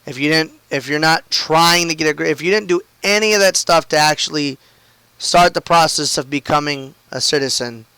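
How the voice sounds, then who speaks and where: A man's voice: a little high, normal speed, sharp tone, clean tone, no echo, poor audio. A man streaming a game from home and telling a long story in a casual, rambling way, full of "like" and "I mean" and loose swearing.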